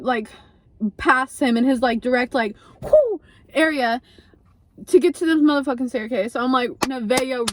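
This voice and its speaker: A young adult woman casually telling a story to camera, animated, swearing freely and acting out what people said. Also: sits high. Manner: animated, swearing, acts out quotes.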